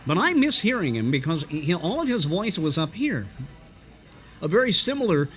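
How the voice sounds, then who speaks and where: A man from southern Indiana telling anecdotes casually in a restaurant, animated and quick to mimic other voices. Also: fairly high pitch, faint music behind. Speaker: storyteller.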